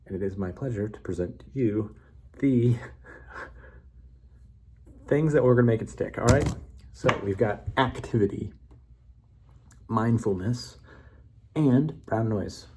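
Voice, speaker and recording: A man's voice: lowish voice, warm tone, a little hiss or hum. A man giving a casual, rambling monologue that builds a memory story, playful and correcting himself as he goes. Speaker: vlogger.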